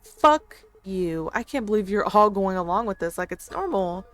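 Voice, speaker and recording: A woman voicing an angry, defiant young woman who swears and shouts in frustration. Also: medium pitch, lively intonation, moderate pace, no echo, faint music behind, lightly acted. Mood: furious.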